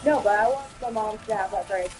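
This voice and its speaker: A woman's voice: medium pitch, normal speed, music in the background, poor audio. A woman chatting casually while playing a game, telling stories bluntly and swearing freely. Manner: blunt, profane storytelling. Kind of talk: casual chat.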